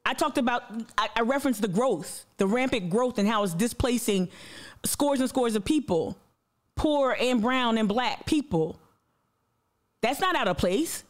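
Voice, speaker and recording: A livestream host with a fairly high, lively voice speaks unhurriedly in a blunt, impassioned monologue packed with profanity and repetition. She talks straight to her audience and reads viewer comments out loud.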